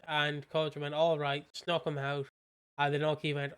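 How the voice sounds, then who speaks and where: A British man talks casually on a podcast and rambles through his recap with plenty of fillers. His voice sits a touch high and sounds clean and resonant. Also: little pitch movement, moderate pace, a bit bright, clean tone. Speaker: podcast co-host. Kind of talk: casual chat recapping a soap.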